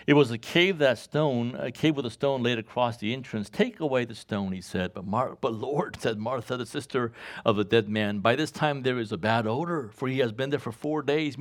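A man preaching a sermon, reading scripture and asking the congregation to finish his lines, chuckling often. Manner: call-and-response questions to congregation, chuckles often; reads scripture aloud, rises in pitch when animated. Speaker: pastor.

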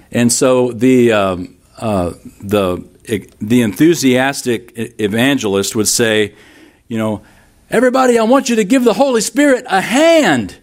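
A middle-aged man preaching a sermon as a pastor, telling stories and acting out the people in them. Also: medium pitch. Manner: storytelling, acting out quoted voices.

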